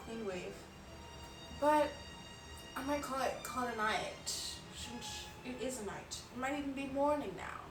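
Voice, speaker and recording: A woman's voice: fairly high pitch, distant mic. A young woman chatting casually on a live stream, rambling and giggling with lots of filler words. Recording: roomy, off-mic, music behind.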